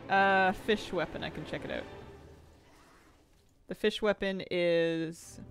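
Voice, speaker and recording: A game streamer talks casually on a live stream in a voice of middling pitch. They chatter and giggle easily and read out chat as they go. Soft game music plays faintly underneath. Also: fairly even intonation, slow pace, pauses often.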